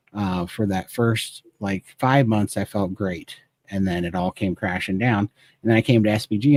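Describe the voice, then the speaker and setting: Brief: male guest, low voice, earnest casual testimony, dry mic. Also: a little mellow, dry recording. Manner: earnest, rambling personal testimony. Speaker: guest speaker. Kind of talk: casual advice chat.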